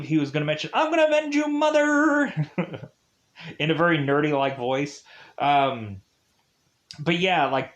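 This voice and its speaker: A man's voice: fairly high pitch, a bit bright. A man giving a casual, rambling film review, full of "like" and "uh". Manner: rambling, heavy use of "like" and "uh".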